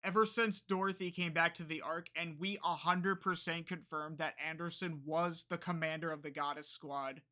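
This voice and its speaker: A streamer reading out a game's story text and reacting with excited, chatty comments. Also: mid-range voice, normal speed. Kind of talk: game playthrough with read-aloud narration and reactions.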